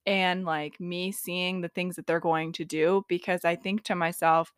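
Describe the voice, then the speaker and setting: A young adult woman talks through her own experiences on a solo podcast, loose and chatty, leaning on "like" and dropping the occasional swear. Her voice sits on the low side for a woman. The recording is dry and close, with no room sound. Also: steady tone, measured pace, hardly any pauses, smooth, dry recording. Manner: chatty, frequent "like" fillers, swears casually. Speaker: podcast host and intuitive reader. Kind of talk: casual solo podcast talk.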